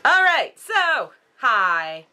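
A woman vlogging a casual unboxing at home, chatty and excitable, cooing at her dogs. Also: on the high side, drawn-out words, very noisy.

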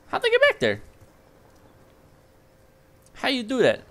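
A young man giving live gameplay commentary as a video host, excitable and yelping at sudden action. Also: very high voice, measured pace.

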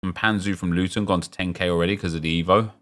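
A young man streaming a football game, chatting with viewers and reacting loudly to what he opens. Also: deep voice, fast talker. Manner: chatty, reads chat aloud, gets loud and excited at good pulls. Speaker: gaming streamer. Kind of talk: live stream commentary opening game packs.

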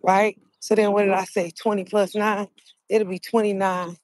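A woman vlogger chatting casually with her viewers outdoors, explaining things slowly step by step and calling them y'all. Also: mid-range voice, little pitch movement, a little mellow, no room sound. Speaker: mukbang vlogger.

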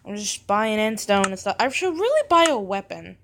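A woman's voice: medium pitch, moderate pace. A woman hosting a gaming video, rambling in character with giggly, self-mocking commentary as she plays. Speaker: gaming channel host. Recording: steady background noise.

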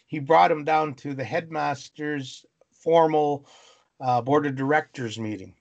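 Gravelly-voiced man from British Columbia, animated interview guest who acts out the people in his stories. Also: a little high, a little slow, lo-fi sound. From British Columbia, Canada. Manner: animated, dramatic storyteller acting out voices. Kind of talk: storytelling in conversation.

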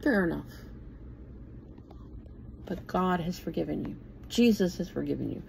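Casting: woman in her sixties, unhurried Bible teacher, blunt and plainspoken, faint hiss behind her. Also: lowish voice, expressive, creaky, darkish tone, rough recording. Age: 60s. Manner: blunt and plainspoken, swears casually. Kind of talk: informal bible talk.

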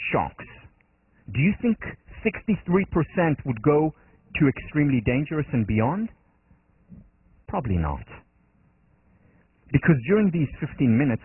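A man's voice: medium pitch, dry recording. A man with an Israeli accent gives an earnest university lecture and acts out lines in his examples. The sound is dry and narrow, like a phone line. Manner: earnest, explanatory, acts out quotes in the story.

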